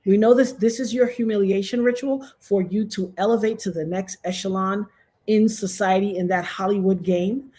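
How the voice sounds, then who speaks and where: A woman's voice: medium pitch, steady tone, moderate pace, dark tone. An American woman doing casual commentary, emphatic and repetitive, with sudden outbursts. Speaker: commentary vlogger.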